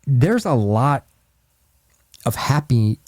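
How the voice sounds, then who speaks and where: A man hosting a casual podcast chat, an animated storyteller who acts out quoted lines. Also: mid-range voice, takes it slowly, no room sound, clean studio sound. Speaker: podcast host.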